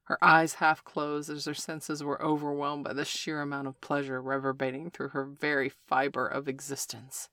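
Steady mid-pitched audiobook narrator. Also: normal speed, no echo, studio quality. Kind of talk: scripted narration of an adult story.

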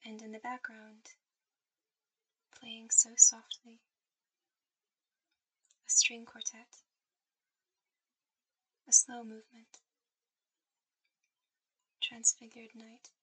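Breathy whispering woman, whispered role-play. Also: on the high side, monotone, very slow, long pauses, low-quality recording. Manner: soft intimate whisper, guiding to sleep. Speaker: ASMR performer.

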